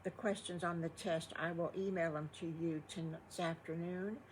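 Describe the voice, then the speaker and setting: A woman's voice: fairly low pitch, fairly even intonation, moderate pace, slight background noise, close to an everyday voice. An older woman voicing a kind substitute teacher in a storybook, polite and reassuring.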